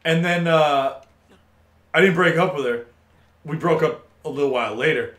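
Young male podcast host, early twenties, slightly high, animated ranter who swears a lot; echoey room. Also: moderate pace. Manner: animated ranting storyteller, swears freely. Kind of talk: casual podcast chat over gameplay.

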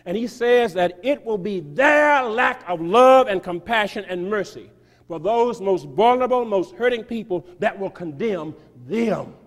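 Male pastor, high voice, emphatic sermon delivery, long church-hall reverb. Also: lively intonation, measured pace. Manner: emphatic, sweeping shifts of loudness and pace. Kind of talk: sermon reading a quoted article aloud. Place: church sanctuary.

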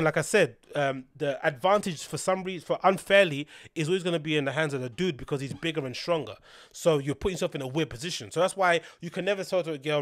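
A man's voice: a little high, no room sound, clean studio sound. Rambling young man. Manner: rambling, animated when telling stories, swears freely. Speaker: podcast host. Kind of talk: casual monologue.

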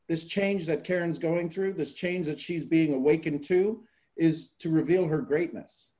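A man's voice: on the high side, dark tone, muffled recording. A man hosting a group call, giving earnest motivational coaching and repeating key phrases.

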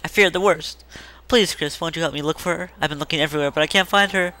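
A man's voice: fairly high pitch, quick pace, sharp tone, a little hiss or hum. A man voicing a frantic mother who pleads for help finding her missing daughter, in a melodramatic way. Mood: pleading.

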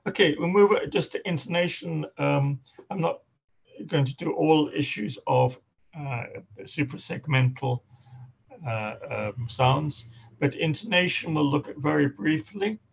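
Gravelly, hesitant male lecturer. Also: a little high, measured pace, highs cut off. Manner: hesitant, many fillers and restarts. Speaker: linguistics lecturer. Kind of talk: academic seminar talk.

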